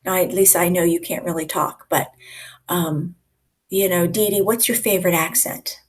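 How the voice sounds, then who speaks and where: A woman leading a live online communication coaching session in a lively, conversational way, often acting out examples for her listeners. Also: fairly low pitch, normal speed, breathy edge. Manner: lively, conversational teacher who acts out examples.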